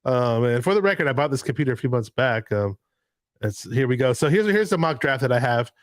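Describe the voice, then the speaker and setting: A man hosting a casual football chat over a video call, excited and rambling. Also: medium pitch, fairly quick, no echo. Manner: excited, rambling, laughs often. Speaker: host.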